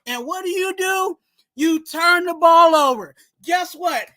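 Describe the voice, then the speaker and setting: A man hosting a fan sports show, ranting heatedly and often shouting, with lots of "you know what I'm saying". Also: very high-pitched, unhurried, no room sound. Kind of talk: casual sports talk, ranting segment.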